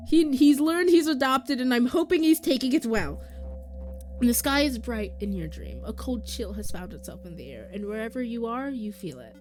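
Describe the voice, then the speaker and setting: A woman streamer reading game text aloud and reacting, animated and quick to laugh. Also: high voice, slight background noise. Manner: animated, breaks into laughter and squeals.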